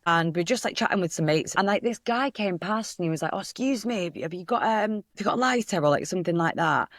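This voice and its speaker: A woman's voice: medium pitch, no echo, studio quality. A young woman with a Hull accent, an actor guest chatting casually on a podcast and telling stories with animation. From Hull, England.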